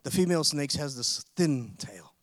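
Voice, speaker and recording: A man with a high voice preaches a sermon, telling a story in an animated way that climbs into forceful proclamations. The sound is close and dry, with almost no room echo. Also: normal speed.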